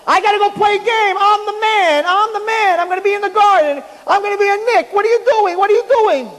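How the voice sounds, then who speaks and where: A man voicing a stubborn young male ballplayer who shouts in indignant disbelief and keeps repeating himself. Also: very high-pitched, a little fast, long reverb tail, voice pushed up. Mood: frantic. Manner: shouting, insistent, indignant repetitions.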